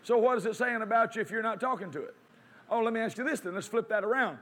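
High-voiced man preaching a sermon. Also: fast talker, fairly bright tone. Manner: preaching with rising emphasis, quoting scripture; asks and answers his own questions.

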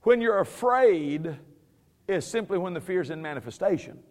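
Male preacher, high-pitched, conversational Bible teaching, frequent chuckles, sarcastic humor with firm emphasis. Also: expressive, moderate pace.

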